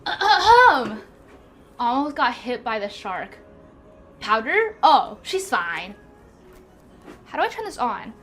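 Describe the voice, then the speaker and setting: Young woman streamer, high bouncy voice, bubbly and scattered, chatting live from home. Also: very animated, slow, long pauses, a bit bright, faint music behind. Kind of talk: casual live-stream chat. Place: at home by a walking pad.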